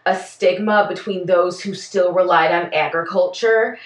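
A woman's voice: lowish voice, measured pace, roomy sound, far from the mic. A woman co-hosting a podcast, chatting casually through a case from her notes with plenty of fillers and self-corrections. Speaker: podcast co-host.

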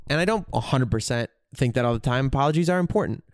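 Candid man talking, smooth dry voice. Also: medium pitch, animated, quick pace, no echo. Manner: candid, profane, searching for words. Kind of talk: reflective casual monologue.

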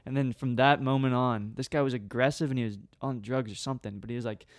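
A young man casually telling a long funny story on a podcast, animated and laughing often. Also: medium pitch, quick pace, dry recording, studio quality. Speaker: podcast co-host.

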